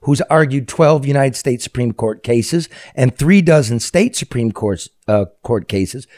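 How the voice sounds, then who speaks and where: A man hosting a talk show, chatting casually and making jokey, rambling sponsor pitches. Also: expressive, unhurried, darkish tone. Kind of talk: casual talk show chat with live ad reads.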